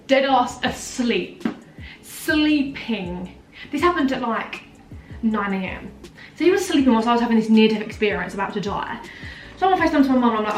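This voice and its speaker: A young woman tells a story as a vlogger, dramatic and full of "like" fillers. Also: fairly high pitch. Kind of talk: storytime chat. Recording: echoey room, mic at a distance, faint music.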